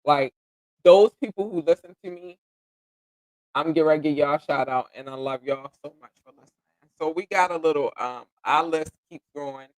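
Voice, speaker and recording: This podcast host, an American man, chats casually on his own show, effusive with repeated thanks and shout-outs, rambling and self-correcting and now and then tongue-tied. His voice is on the high side. There's no echo, though the recording is rough.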